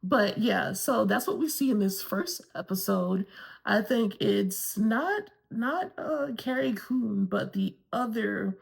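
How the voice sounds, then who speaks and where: A woman's voice: medium pitch, expressive, takes it slowly, gravelly. A woman from Florida giving a candid, gossipy recap of a TV episode and swearing casually along the way. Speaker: TV review vlogger.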